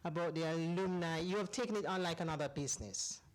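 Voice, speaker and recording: A woman's voice: on the low side, fast talker. Effusive woman host thanking a donor. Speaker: fundraiser host. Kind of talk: casual chat.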